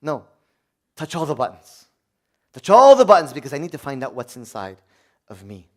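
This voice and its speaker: A man preaching a sermon, swinging between loud, urgent high points and quiet, low asides. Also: sing-song, normal speed.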